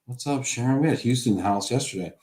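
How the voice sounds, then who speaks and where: An upbeat, jokey man hosting a casual live stream in an echoey room. His pitch sits in a middle range as he reads out viewer comments and teases his guest. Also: fast talker, darkish tone. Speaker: show host.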